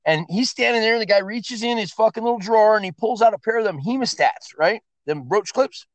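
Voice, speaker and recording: Man, podcast guest, crude storytelling, profane, animated, high voice, dry sound. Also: fairly quick, no echo. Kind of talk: crude storytelling in casual chat.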